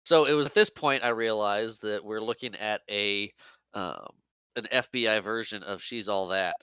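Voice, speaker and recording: A man co-hosting a podcast who chats casually about a movie, quick to agree, laugh and add jokey asides. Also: on the low side, bright, forceful tone, smooth, no room sound. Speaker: podcast co-host. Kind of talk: casual movie recap chat.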